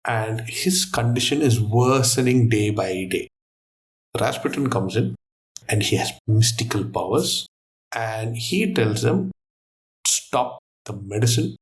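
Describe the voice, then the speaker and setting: A man guesting on a quiz show who thinks aloud and tells stories in an animated, casual way. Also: lowish voice, unhurried.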